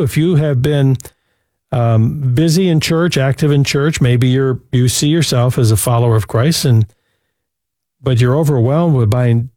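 A man's voice: mid-range voice, warm tone, no echo, studio quality. A man hosting a Christian call-in radio show, talking in an earnest, preacherly way and often repeating a word as he starts a thought. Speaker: radio talk show host.

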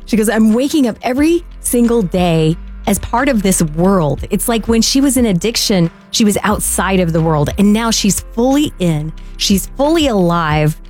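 A woman co-hosting a fundraising radio show, warm and enthusiastic as she reads donor stories. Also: mid-range voice, animated, moderate pace, hardly any pauses, soft background music. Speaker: radio co-host.

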